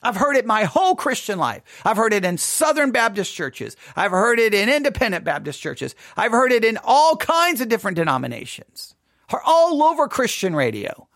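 A man teaches a Bible study with a lively, swinging pitch that leaps up and drops low. He is provocative and sarcastic, challenging his listeners directly. His voice is close and dry, with no room sound. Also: normal speed, no echo.

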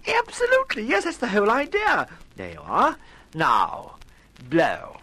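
A man's voice: high-pitched, wildly swooping pitch, unhurried, bright, forceful tone, exaggerated voice, poor audio. An actor playing a foppish, cheerful upper-class English airman who dithers and chatters in 1950s radio drama. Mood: charming. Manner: chirpy, dithering, full of upper-class slang.

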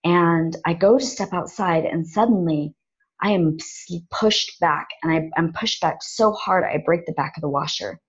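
A woman guest on a conversational show, telling a personal story in an animated, dramatic way and acting out what people said. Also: fairly low pitch, normal speed, slightly rough, muffled recording. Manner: animated, dramatic retelling with acted-out quotes. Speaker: podcast guest.

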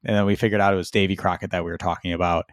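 Deep-voiced man in casual podcast chat. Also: little pitch movement, racing, smooth, no room sound. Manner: sheepish, laughing, self-deprecating storyteller. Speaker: podcast co-host.

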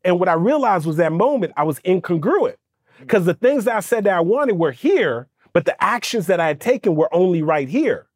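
A man telling a personal story on a podcast, animated and lively, slipping into voices for the people in it. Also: high-pitched, a little fast, no echo, clean studio sound. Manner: lively, does voices for people in his stories, stammers when excited. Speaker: podcast guest, speaking coach. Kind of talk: animated storytelling in casual interview.

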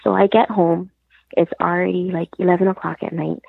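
A woman calls in as a guest, her lowish voice carrying vocal fry and a breathy edge, speaking briskly in a level tone. The phone line sounds tinny and dry with no echo. She earnestly recounts her own story, reliving the conversations that happened along the way.

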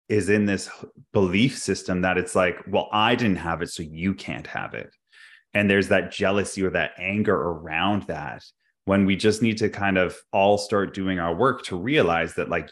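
Deep-voiced man on a podcast. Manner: candid, reflective, quick to laugh. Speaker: podcast co-host. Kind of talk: casual podcast chat.

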